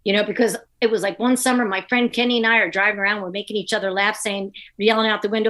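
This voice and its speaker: A woman comedian guest telling a lively anecdote in a podcast interview, acting out the people she quotes. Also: medium pitch, fast talker, few pauses. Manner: animated, acts out quoted voices.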